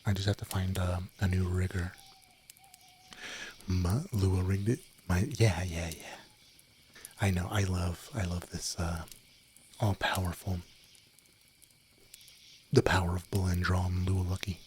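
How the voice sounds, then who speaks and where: Deep-voiced young guy on a late night stream, rambly and giggly, keeps slipping into whispers, bit of hiss behind him. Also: level tone, a little slow, pauses often, a little mellow. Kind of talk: soft-spoken late-night stream chat. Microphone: desk microphone, no windscreen.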